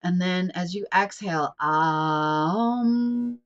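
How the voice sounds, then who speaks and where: A woman's voice: fairly low pitch, steady tone, unhurried, a bit bright, muffled recording, faint music behind. A woman in her thirties hosting her own podcast, talking in a casual, rambling way with lots of fillers, her nose a little sniffly. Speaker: podcast host. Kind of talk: casual reflective monologue. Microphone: self-recorded on camera.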